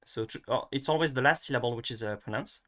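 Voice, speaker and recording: Man, young adult, bright sharp voice, casual pronunciation lesson, hesitant, thinks aloud. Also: mid-range voice, quick pace. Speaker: language teacher.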